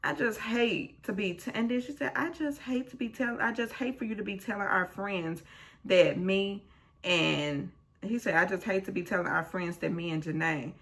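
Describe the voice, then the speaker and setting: A woman's voice: medium pitch, normal speed, a bit bright. A woman hosting a casual recap vlog, retelling a reality show scene with blunt asides and acting out the quotes.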